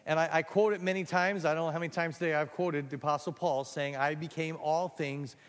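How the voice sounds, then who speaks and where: An animated man with a fairly high voice runs a storytelling workshop for an audience. He talks in a self-deprecating way and often stumbles over repeated words as he starts a sentence. A long hall reverb trails after his voice. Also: fast talker. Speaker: speaker teaching storytelling to children's ministry workers.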